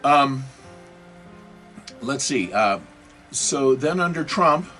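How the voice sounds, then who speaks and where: A man talks off the cuff in his own video, rambling and steering everything through rhetorical questions. He stumbles over words and keeps correcting himself mid-sentence, with soft guitar music drifting underneath. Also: medium pitch, expressive, extremely slow. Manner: many fillers and self-corrections. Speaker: video host. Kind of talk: unscripted political and religious monologue.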